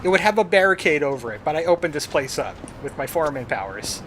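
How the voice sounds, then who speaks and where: A man's voice: fairly high pitch, animated, quick pace, a bit bright, a little hiss or hum. A man streamer giving casual, rambling commentary while playing a game, chatting to himself and his viewers. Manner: rambling, chatty, self-talking.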